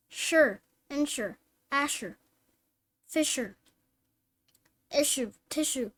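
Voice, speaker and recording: High-pitched lady reading phonics words slow and clear, one at a time. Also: fairly bright tone. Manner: reads word lists slowly and clearly, one word at a time. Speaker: reading teacher.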